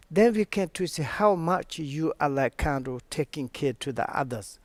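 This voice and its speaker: Earnest man teaching in halting English. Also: a little high, darkish tone, no echo. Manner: halting non-native English, frequent restarts; earnest, explanatory. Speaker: Buddhist teacher. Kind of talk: Dharma teaching seminar.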